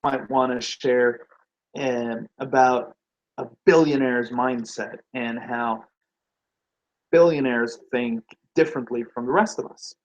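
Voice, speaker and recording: A man gives a motivational business talk on branding and sales. He asks his listeners rhetorical questions and acts out how people react, his voice at a middle pitch. The recording is dull and lo-fi. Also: steady tone, slow pace. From Nordic.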